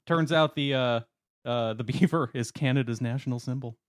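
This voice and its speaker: A man's voice: medium pitch, normal speed, no room sound, clean studio sound. A man co-hosting a casual podcast, reading odd news stories aloud in a playful, jokey way. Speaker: podcast co-host.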